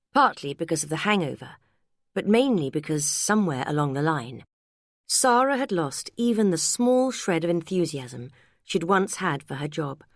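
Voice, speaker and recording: Woman narrator, audiobook, low voice, measured, dry close studio sound. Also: dry recording. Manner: even, measured storytelling. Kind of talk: scripted narration.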